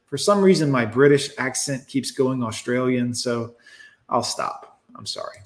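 A man's voice: medium pitch, animated, a little slow, roomy sound. A man hosting a livestream, ranting sarcastically and profanely as he reacts to posts and talks to his chat. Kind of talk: ranting live commentary.

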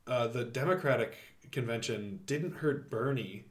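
A man in an easygoing podcast conversation, his voice sitting at an ordinary middle pitch. He rambles along with lots of fillers and restarts, circling back as he thinks. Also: moderate pace. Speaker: podcast co-host. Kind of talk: casual chat.

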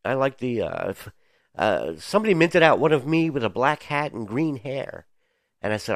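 A hoarse man hosting a radio station, joking around in a casual podcast chat. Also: medium pitch, very animated, moderate pace, dry recording, studio quality. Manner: jokey, playful. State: hoarse, croaky.

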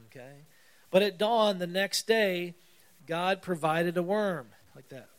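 A man's voice: sits high, slow. Conversational man preaching a sermon. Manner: conversational, reads scripture aloud with rising emphasis. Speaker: pastor.

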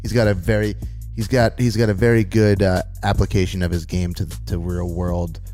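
A man's voice: low-pitched, flat delivery, moderate pace, mellow, faint music behind. A young man co-hosting a podcast in casual chat, thinking aloud with hesitant ums. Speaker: podcast co-host.

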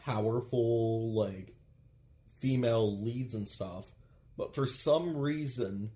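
A young man joins his friend's podcast as co-host and chats loosely while they watch a film. He jokes a lot, with a playfully sarcastic edge. His voice is an everyday one of middle pitch. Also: dark tone. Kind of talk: casual chat while watching a movie.

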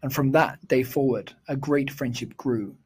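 A man reciting a rhyming children's poem in a measured, sing-song storytelling delivery. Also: medium pitch, darkish tone, breathy edge.

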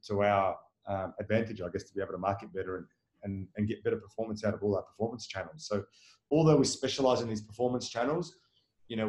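A man's voice: on the low side, darkish tone, roomy sound, low-quality recording. A man running a marketing agency, talking in a casual interview, rambling with fillers and restarts and tagging his points with "right?". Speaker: marketing agency owner, guest.

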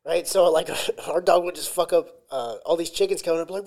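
A man's voice: a little high, a little fast, darkish tone. A man co-hosting a podcast in casual chat, laid-back and joking, calling his friend dude. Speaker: podcast co-host.

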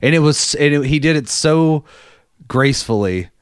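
A man's voice: fairly high pitch, expressive, moderate pace, smooth, no echo, clean studio sound. A young man telling a story about an old job, blunt and swearing, in casual podcast chat. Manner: blunt, profane, conversational.

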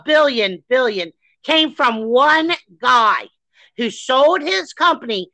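A woman co-hosting a podcast, ranting furiously with heavy swearing and shouts. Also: sits high, dry recording, low-quality recording. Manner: reads a news article aloud. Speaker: podcast co-host. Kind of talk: angry podcast discussion.

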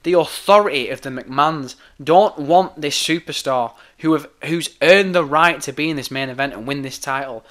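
A hoarse man hosting a podcast, ranting heatedly and swearing a lot, often repeating himself. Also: on the high side, a bit bright. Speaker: podcast host. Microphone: podcast microphone.

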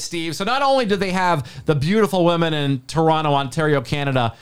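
Excitable male betting co-host; lively, slightly high voice. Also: brisk, hardly any pauses, slight background noise. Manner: excitable, hyped-up pitch delivery. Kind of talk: casual sports betting podcast talk.

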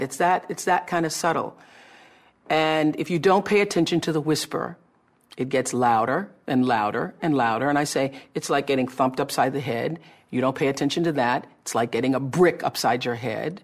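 A woman tells a story from her own life, her voice low and gravelly. She talks animatedly and slips into other people's voices as she quotes them. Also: moderate pace. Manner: animated, acts out quoted dialogue. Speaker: public speaker. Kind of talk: personal storytelling talk.

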